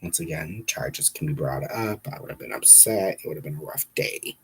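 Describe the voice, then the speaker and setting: Man, live stream host, casual storytelling, husky voice, animated and exasperated. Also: rumbling low, moderate pace. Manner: animated, exasperated, talks to viewers directly. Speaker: livestream host.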